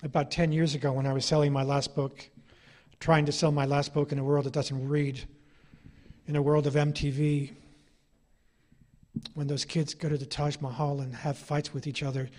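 With a slightly mellow, flat delivery and moderate pace, a middle-aged man tells anecdotes to a crowd as an author giving a talk. His storytelling is wry and ironic, and his voice sits a little above the usual male range.

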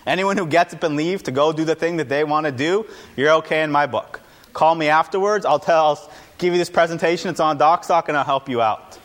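A man speaks as an entrepreneur to a live audience in an informal, energetic talk, his voice slightly high and his pace a little fast. He delivers punchy lines along with self-deprecating asides.

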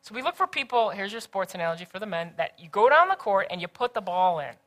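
A middle-aged woman lecturing students with career advice, animated and acting out the voices she quotes. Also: medium pitch, quick pace. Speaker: speaker giving career advice.

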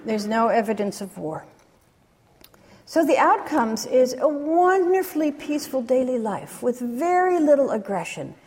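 A woman's voice: high voice, sing-song, a little mellow. Woman lecturing in an echoing hall. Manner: measured, retelling stories with pauses. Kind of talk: academic lecture with anecdotes. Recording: long reverb of a large hall.

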